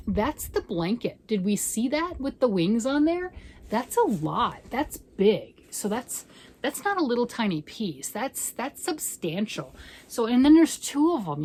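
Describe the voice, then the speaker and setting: A woman's voice: a little high, very animated, a little slow, a little mellow, poor audio. Middle-aged lady rambling about her projects, jokey and self-mocking, bit of faint noise behind. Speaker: crochet channel host. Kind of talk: casual chat to camera.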